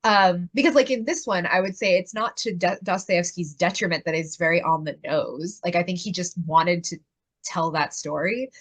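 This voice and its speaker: A woman's voice: on the low side, moderate pace. A young woman co-hosting a book podcast, thinking aloud with lots of fillers and hedges. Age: young adult. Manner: thoughtful, hedging with many fillers. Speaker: podcast co-host. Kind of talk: casual book discussion.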